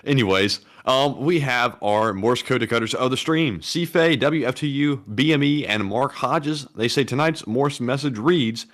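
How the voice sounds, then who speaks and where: A man co-hosting a live stream, reading out viewer messages in a flat, plain way. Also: mid-range voice, unhurried, hardly any pauses. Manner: reads messages flatly on purpose. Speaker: co-host reading super chats. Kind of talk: casual live-stream chat.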